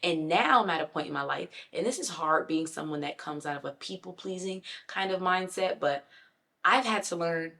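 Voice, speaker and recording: A woman's voice: on the low side, bright, forceful tone. A woman vlogger giving casual motivational talk, emphatic and conversational, often acting out what other people say. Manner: emphatic, acts out other people's lines in quick voices; conversational with frequent "you know what I'm saying". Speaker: self-improvement vlogger.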